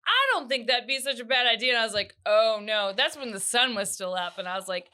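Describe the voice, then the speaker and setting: A woman in her thirties co-hosting a casual podcast, telling a family story with animated voices. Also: on the high side, quick pace. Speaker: podcast co-host. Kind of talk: casual chat.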